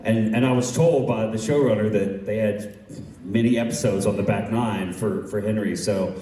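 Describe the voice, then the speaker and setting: A man's voice: lowish voice, fairly even intonation, normal speed, warm tone. A man talking on a convention panel, earnest and grateful, often repeating words. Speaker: actor on a panel. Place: large convention hall stage. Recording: echoey hall from far off, faint noise.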